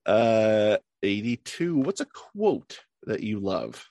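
Male host on a video call, animated voice, dry close sound, quick joking reactions between numbered questions. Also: fairly low pitch, no echo. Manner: playful, upbeat, jokey reactions. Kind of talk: rapid-fire question interview.

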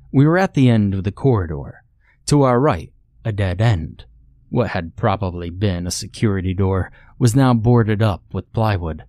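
Low-voiced man narrating a horror story. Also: no echo. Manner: measured, steady storytelling.

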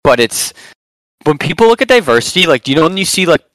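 Man from the US, animated, lots of fillers, very lively pitch, dry sound. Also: quick pace, no room sound, low-quality recording. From United States. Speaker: podcast co-host. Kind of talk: casual chat.

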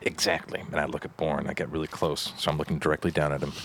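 Deep-voiced man playing a tabletop game. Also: quick pace, a little hiss or hum. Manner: animated, jumps into loud mocking voices. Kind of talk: role-playing and narrating his character. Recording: music playing behind.

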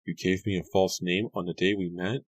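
A man's voice: deep voice, steady tone, fairly quick, no echo. A man reading aloud and voicing a frightened young farm girl from colonial times, breathless and pleading. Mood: angry.

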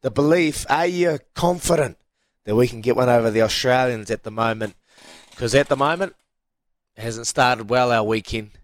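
A man with a New Zealand accent co-hosts a breakfast radio show, chatting casually in a mid-pitched voice. He is lively, laughs often and throws in bro and mate. The studio sound is close and dry, with no room echo. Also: normal speed.

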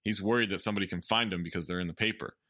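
A man's voice: sits low, fairly even intonation, racing, sharp tone, dry recording, clean studio sound. A man co-hosting a casual comedy podcast, summarizing a film's plot in a loose, argumentative, swearing way. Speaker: podcast co-host recapping the film. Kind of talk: casual comedic movie recap.

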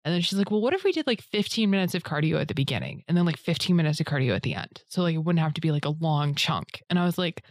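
Talking fast with few pauses, a woman with a low-pitched voice spins a long, rambling story in a casual chat, full of fillers and with others' lines acted out in a raised voice. The sound is clean studio audio without room sound.

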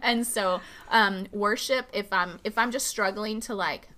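Woman pastor, chatty and animated, acts out dialogue, mid-range voice. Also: unhurried. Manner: animated, acts out quoted dialogue with big pitch jumps; casual, many "like" fillers. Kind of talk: conversational faith teaching.

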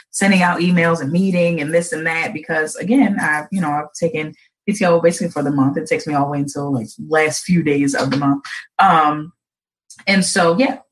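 A woman's voice: low-pitched, fairly bright tone, poor audio. A woman hosting a casual live stream, telling a funny family story to her viewers, laughing often.

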